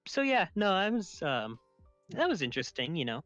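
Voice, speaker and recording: A man's voice: a little high, sing-song, moderate pace, a bit bright, no echo, faint music behind. A young man with a slightly raised voice tells a story in loose, casual chat, laughing often and swearing freely. The sound is dull and lo-fi, close and dry with no room around it. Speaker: podcast host.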